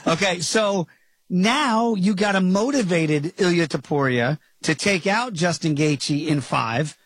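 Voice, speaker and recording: A man hosting a fight betting podcast, chatting in a lively, jokey way. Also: high-pitched, a little slow, slightly rough. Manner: lively, jokey, does impressions. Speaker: podcast host. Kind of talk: casual podcast chat.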